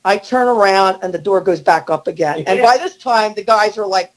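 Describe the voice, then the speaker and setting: A middle-aged woman telling a story as a podcast guest, animated and acting out the quotes. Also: normal speed, rough recording. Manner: animated, acts out quotes with rising pitch. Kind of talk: storytelling in casual chat.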